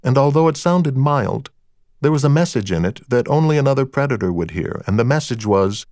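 Male audiobook narrator, first-person crime story, wry and dry delivery, middle pitch, close dead-room sound. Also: expressive, a little fast, a little mellow, no room sound.

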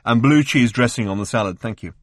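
A man's voice: medium pitch, no room sound, clean studio sound, natural voice. A man doing a brash, bossy alien. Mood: brusque. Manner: brusque, bossy, loud, fast-talking. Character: brash, pushy alien man, adult, careless.

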